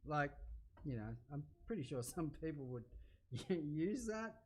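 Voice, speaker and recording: A middle-aged Australian man hosts a casual cooking livestream, chatting in a rambling way and getting loud when excited. His voice is on the high side, and his pace is measured.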